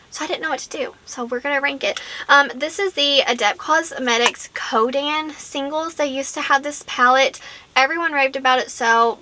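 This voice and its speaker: Bubbly bright-voiced woman gushing over makeup. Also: high voice. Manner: gushing, chatty, many fillers like "like" and "um". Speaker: beauty vlogger. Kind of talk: casual product review to camera.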